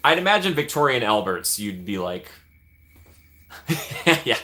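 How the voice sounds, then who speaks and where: A man's voice: lowish voice, sing-song, moderate pace, pushed and bright. A man hosting a casual live stream, chatting with viewers by name and laughing often.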